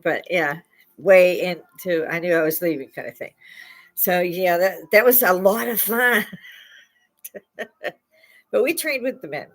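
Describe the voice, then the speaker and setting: An older woman from Chicago hosting a live stream, telling rambling stories into a lapel mic and often laughing mid-sentence. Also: fairly low pitch. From Chicago, USA. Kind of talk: casual storytelling chat.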